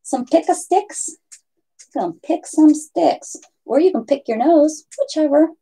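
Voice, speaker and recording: A woman's voice: sits high, moderate pace, creaky, mellow. A woman hosting a casual craft livestream from home, chatting and rambling to viewers and her pets. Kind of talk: casual live chat with viewers.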